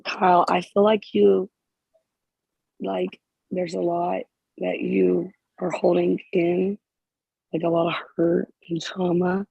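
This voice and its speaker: A spiritual healer speaking in emotional counseling to a group member, halting and repeating phrases, close to tears. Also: medium pitch, little pitch movement, gravelly, slightly rough, no room sound, highs cut off.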